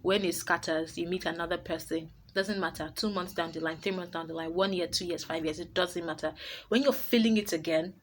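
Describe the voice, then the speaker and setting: A woman's voice: lowish voice, fairly even intonation, fairly quick, slight background noise. A woman hosting her own advice vlog, talking to camera in a blunt, emphatic way. She laughs easily and often repeats her points. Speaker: vlogger host.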